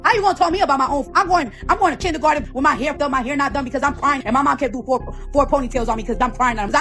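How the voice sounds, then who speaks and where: A woman tears into her critics in a rapid, high-pitched rant. She swears freely and circles back to the same phrases again and again, confrontational from start to finish. A faint bed of music runs underneath. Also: pushed and bright. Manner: profane, confrontational, repeats phrases over and over. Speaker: founder of a hair product. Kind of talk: heated off-the-cuff rant.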